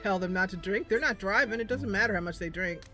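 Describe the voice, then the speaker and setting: A woman hosting a gaming channel, reading a story game aloud with giggly, expressive commentary. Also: mid-range voice, quick pace, faint music behind.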